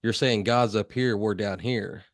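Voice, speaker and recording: A man's voice: on the low side, steady tone, unhurried, no room sound, studio quality. A man in a group religious study discussion, sharing his thoughts in a thoughtful, rambling way.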